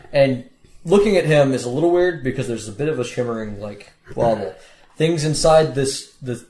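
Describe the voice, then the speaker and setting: A man's voice: mid-range voice, a little mellow. Game master guy rambling thru a scene, mid voice, echoey room w faint hiss. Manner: loose, rambling narration with restarts. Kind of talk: narrating a tabletop game.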